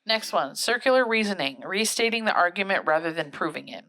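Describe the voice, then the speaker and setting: Low-voiced bright woman podcast co-host. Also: lively intonation, fairly quick. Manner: reads definitions aloud, laughs often. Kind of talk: casual chat.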